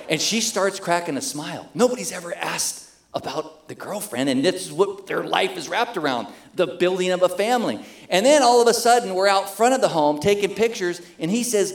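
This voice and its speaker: A middle-aged man pastor telling a story in a sermon, animated and acting out the voices of the people in it. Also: sits high, normal speed, echoey room. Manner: animated, acts out quoted voices.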